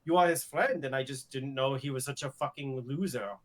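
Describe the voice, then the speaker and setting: A man's voice: medium pitch, brisk, a crowd in the background. A man venting in an upset rant while roleplaying a character, trailing off in fillers. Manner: upset, ranting with many fillers. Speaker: roleplay player.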